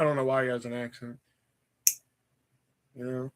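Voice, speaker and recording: A man's voice: medium pitch, level tone, measured pace. A man hosting a casual livestream, chatting with viewers in a profane, joking, rambling way. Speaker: livestream host.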